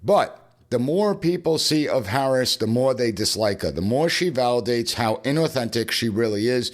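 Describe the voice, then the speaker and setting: A man's voice: mid-range voice, expressive, normal speed. A man hosting a political commentary podcast in an emphatic, punchy way, repeating phrases for effect. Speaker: podcast host and professor.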